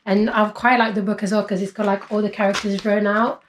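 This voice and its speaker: A woman's voice: mid-range voice, flat delivery, fairly quick, a little hiss or hum. Chatty woman in her twenties. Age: 20s. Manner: chatty, many fillers like "basically" and "like". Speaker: book vlogger. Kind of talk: casual chat.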